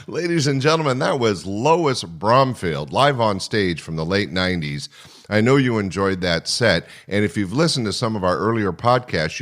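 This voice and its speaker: A man's voice: lowish voice, fairly bright tone. A man, the host, wrapping up a podcast episode and thanking listeners. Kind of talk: podcast outro.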